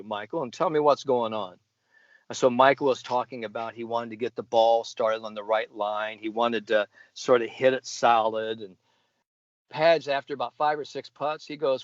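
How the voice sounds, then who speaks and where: A man's voice: medium pitch, moderate pace, dry recording. A man in his seventies, a golf sports psychologist, telling a story on a podcast and acting out the people he quotes. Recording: dry, slightly dull podcast audio.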